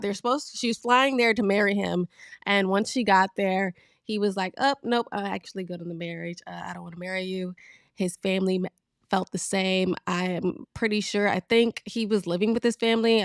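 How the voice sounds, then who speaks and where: A woman from Virginia hosting her own talk show, telling news stories in a frank, animated way and laughing as she goes. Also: medium pitch, dry recording, studio quality. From Virginia, USA. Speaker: show host. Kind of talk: casual talk-show commentary.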